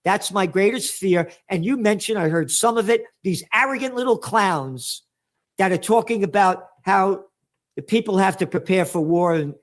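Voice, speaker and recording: A man's voice: high voice, moderate pace. A man from the Bronx with a New York accent, a trend forecaster guest in an interview, talking in a heated, sarcastic way full of rhetorical questions. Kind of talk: ranting interview answer.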